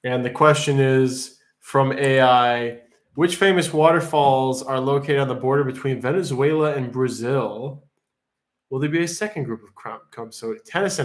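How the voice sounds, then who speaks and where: A man's voice: mid-range voice, moderate pace. A man hosting a live-streamed auction in casual chat, rambling and joking as he reads out the chat. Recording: echoey room.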